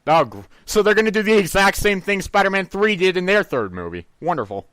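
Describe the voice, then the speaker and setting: A man co-hosting a casual movie review, laughing often and landing sarcastic asides. His voice is notably high for a man, recorded close and dry. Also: big pitch swings, a little fast, fairly bright tone, clear, resonant tone, dry recording. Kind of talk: casual film review chat.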